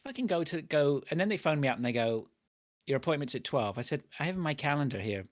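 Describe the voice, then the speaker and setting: A man's voice: a little high, lively intonation, fast. A man hosting a casual podcast chat, telling stories in a sweary, ranting way. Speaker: podcast host.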